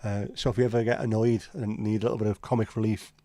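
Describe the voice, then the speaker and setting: A man's voice: on the low side, flat delivery, fast, mellow, dry recording. A man with a Liverpool accent hosting a casual livestream chat, rambling and opinionated with frequent swearing. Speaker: livestream host.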